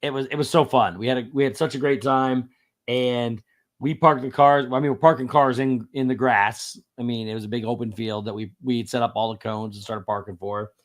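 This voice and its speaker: A man from Indiana hosting a casual chat, telling stories in an animated way and chuckling often. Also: medium pitch, fairly quick. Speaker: podcast host.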